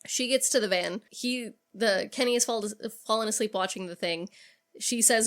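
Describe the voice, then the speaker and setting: A woman's voice: medium pitch, normal speed, a bit bright. Woman recapping a movie, swearing freely. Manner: retells scenes with acted-out quotes, swears freely. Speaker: podcast co-host. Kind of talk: casual movie recap chat.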